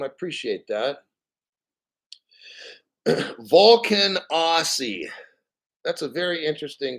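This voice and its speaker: A man hosting a crypto channel in casual livestream chat, blunt, profane and rambling. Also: on the high side.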